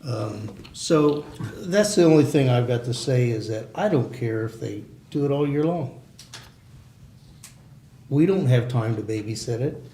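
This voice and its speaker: A man's voice: medium pitch, lively intonation, unhurried, mellow, a little hiss or hum. Plainspoken man airing a complaint. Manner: plainspoken, heated in bursts. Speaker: resident at a community meeting. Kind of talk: community meeting discussion. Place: meeting room. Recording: echoey meeting room.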